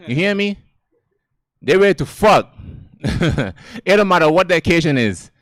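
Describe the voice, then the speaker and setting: A man's voice: sits high, expressive, moderate pace, dry recording. A man from Gambia with a Gambian accent doing a loose, profane stand-up set on an outdoor stage, laughing at his own jokes. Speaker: stand-up comedian. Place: outdoor stage under string lights.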